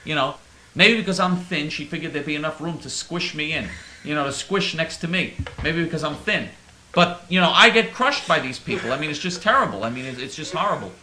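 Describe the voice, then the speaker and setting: A man's voice: on the high side, animated, a little fast, pushed and bright, roomy sound, a little hiss or hum, rough recording. Sarcastic rambling male host. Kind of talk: satirical radio monologue.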